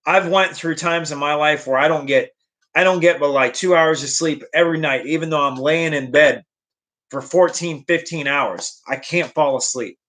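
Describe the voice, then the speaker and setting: A man's voice: fairly high pitch, normal speed, fairly bright tone. A young man talking earnestly to camera in a casual motivational vlog, often repeating and restarting his phrases. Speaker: vlogger.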